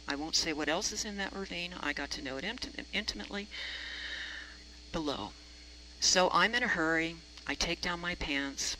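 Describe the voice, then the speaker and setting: A woman preacher spins a personal story in a chatty, self-deprecating way, her voice bright and forward. A faint hum sits under her voice. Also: on the low side, poor audio. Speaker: reverend. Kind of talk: storytelling sermon.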